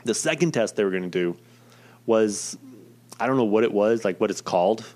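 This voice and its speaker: Profane rambling young man, lowish voice. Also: normal speed, darkish tone. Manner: rambling, profane, self-deprecating. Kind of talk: casual personal storytelling.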